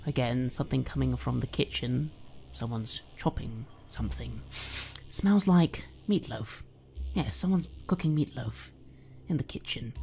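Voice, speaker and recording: A woman game master setting eerie scenes for a horror tabletop game. Her voice is low and gravelly, her delivery atmospheric and descriptive. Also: measured pace, a little mellow, slight background noise.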